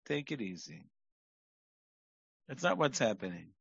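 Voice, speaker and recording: A man giving a lecture on parenting, emphatic, shifting between quiet asides and loud points. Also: medium pitch, big pitch swings, moderate pace, creaky, long pauses, slightly rough, no echo. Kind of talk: recorded lecture. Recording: dull lo-fi dry recording.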